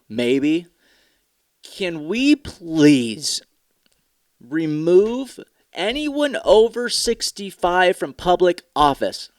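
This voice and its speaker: A man's voice: fairly high pitch, dry recording, clean studio sound. A tired young man hosting a casual solo podcast, ranting in a profane, sarcastic, rambling way. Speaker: podcast host.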